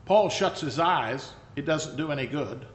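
A man's voice: fairly high pitch, expressive, a little slow. A man preaching a sermon, telling the story in a conversational, emphatic way with wry asides. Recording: echoey hall reverb.

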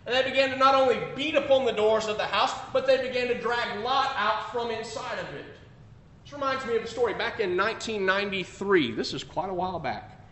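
A man preaching a sermon, emphatic, swinging between loud declarations and quiet asides. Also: fairly quick. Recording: echoey room with faint rumble.

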